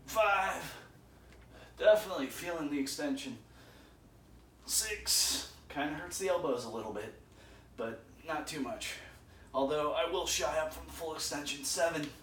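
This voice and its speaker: Between sets at the gym, a male vlogger chats casually to the camera in a slightly high, slightly quick voice. He's far from the mic in an echoey room, with a faint hiss or hum.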